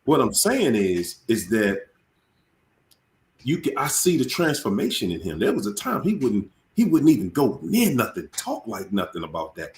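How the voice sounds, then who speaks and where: Casting: lively, preachy male host with a swinging pitch, roomy echo. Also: moderate pace. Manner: animated, preachy, repeats words. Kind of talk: casual live-stream chat.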